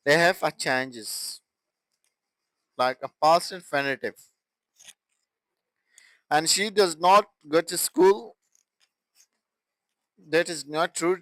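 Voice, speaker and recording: Male grammar teacher, higher voice, slow and halting delivery, dry close sound. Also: expressive, pushed and bright, no room sound, low-quality recording. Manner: halting, with restarts and broken phrasing. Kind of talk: classroom grammar explanation.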